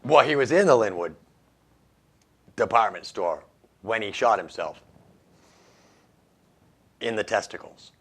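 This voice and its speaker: Wry joking male radio host, lively pitch. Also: measured pace, long pauses, breathy edge. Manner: wry, laughs at his own jokes. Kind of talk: casual comedic news commentary.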